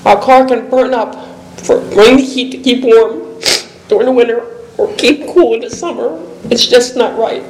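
A woman with a high voice speaks at a public meeting with an emotional, pleading tone and a catch of nervous laughter. The room is echoey, and a faint hiss sits under her voice. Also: darkish tone. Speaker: public commenter. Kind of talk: public comment at a town meeting.

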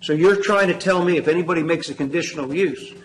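A man's voice: on the high side, quick pace, a little hiss or hum, low-quality recording. A man on a county council, asking questions at a public meeting in a hesitant way, repeating words.

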